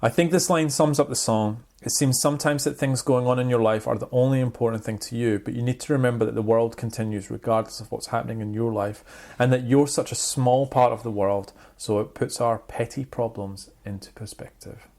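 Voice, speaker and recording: A man's voice: medium pitch, a little fast. A man hosting a music podcast in casual chat, telling stories with animation and acting out the quotes. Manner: animated storyteller, acts out quotes. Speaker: podcast host.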